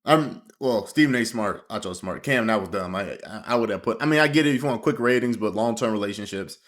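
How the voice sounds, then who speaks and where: A man casually reacting to a clip as host, slangy and animated, talking while eating. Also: on the low side, a little fast.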